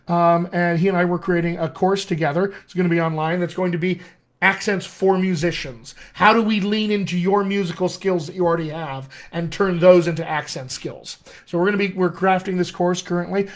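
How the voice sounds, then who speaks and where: A man coaching accents on a casual livestream, talking straight to his viewers in a friendly, salesy way and reading out their comments. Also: sits high. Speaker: dialect coach.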